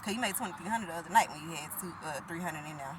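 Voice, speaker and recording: A woman's voice: deep voice, racing, noisy background. A woman, talking bluntly and profanely to the camera in a preachy, emphatic way. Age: 30s.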